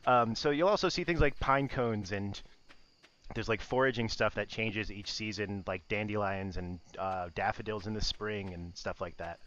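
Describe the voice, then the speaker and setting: A man's voice: fairly low pitch, moderate pace. Laid-back man explaining a game. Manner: relaxed explaining, laughs often. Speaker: podcast co-host streaming a game. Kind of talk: casual game-stream chat. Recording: slightly dull audio with faint music.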